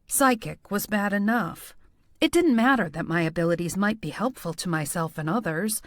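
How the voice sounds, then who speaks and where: Lively, wry female audiobook narrator. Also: medium pitch, normal speed, dry recording, clean studio sound. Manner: wry, self-deprecating storytelling. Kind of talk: first-person audiobook narration.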